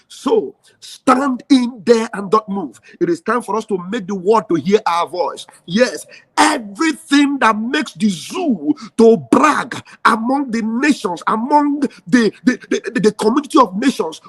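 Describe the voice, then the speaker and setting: A man with a Nigerian accent delivers a fiery, rallying speech. His voice sits high for a man. He hammers his points home, repeating phrases for emphasis. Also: expressive, a little slow, breathy edge. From southeastern Nigeria. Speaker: activist.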